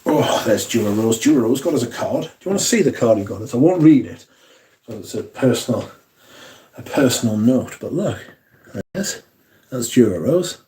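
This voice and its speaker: A man with a mellow, warm, relaxed voice hosts a casual livestream from home. He rambles, swears freely and reads viewer comments aloud between his own asides. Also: medium pitch, moderate pace. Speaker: fragrance livestream host.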